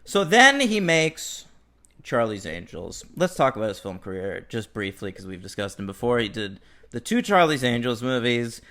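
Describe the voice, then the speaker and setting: Bright-voiced man hosting a film podcast. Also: medium pitch, sing-song, normal speed. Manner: chatty, joking. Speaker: podcast host. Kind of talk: casual chat.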